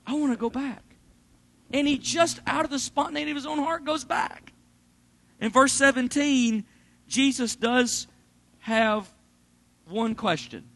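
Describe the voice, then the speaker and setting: Brief: high-pitched man preaching, lively, dynamic swings. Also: measured pace, pauses often. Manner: animated preaching, swings between loud and hushed. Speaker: pastor. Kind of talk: sermon.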